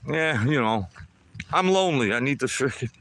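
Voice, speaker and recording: A man's voice: medium pitch, lively intonation, moderate pace, background noise. A man in his sixties talking to himself as he walks outdoors on a lakeside trail, chatty and upbeat, streaming live to viewers. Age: 60s. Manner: talks to himself while walking, chatty and upbeat. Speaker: vlogger. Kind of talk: live walking vlog.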